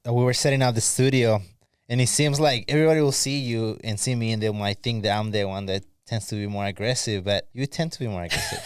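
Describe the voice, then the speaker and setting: A man's voice: mid-range voice, big pitch swings, fast, smooth, no room sound, studio quality. A man co-hosting a podcast who teases the others and chuckles often in casual chat. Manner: teasing, chuckling interjections.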